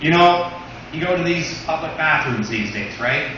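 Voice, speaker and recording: A man's voice: a little high, expressive, normal speed, very echoey, recorded from a distance, muffled recording, background noise. A man doing a stand-up comedy routine, saying "you know" often, recorded from afar in a small club. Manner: says "you know" a lot.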